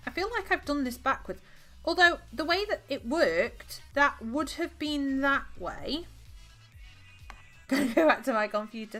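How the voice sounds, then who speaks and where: A woman's voice: sits high, animated, measured pace, a bit bright, soft background music. A woman hosting a casual crafting livestream from home, chatting and thinking aloud as she works and counting stitches under her breath. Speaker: livestream host.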